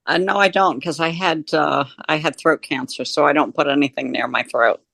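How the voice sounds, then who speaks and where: A woman guest with a deep, husky voice, chatting candidly and laughing easily on a remote call. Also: fairly even intonation, moderate pace, a bit bright, no echo. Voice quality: deep, husky voice changed by throat illness. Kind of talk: casual chat over a remote call.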